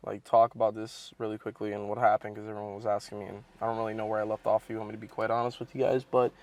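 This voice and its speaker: A man's voice: lowish voice, rapid-fire. Rambling, profane young man telling a story. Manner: swearing, rambling, animated storytelling. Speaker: fitness vlogger. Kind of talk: casual storytelling vlog.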